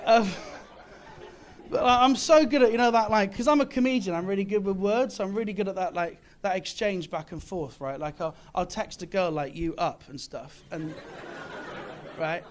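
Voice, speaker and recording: A man's voice: sits high, normal speed. A British man performing a stand-up comedy set in a club, with boastful mock bravado and self-mocking delivery. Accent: British English. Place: comedy club, live audience. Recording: live club with audience laughter.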